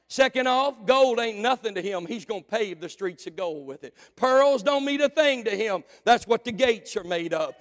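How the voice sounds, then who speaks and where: A male pastor preaching a sermon with shouted emphasis and dramatic pauses, speaking in a church sanctuary. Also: sits high. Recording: long church hall reverb.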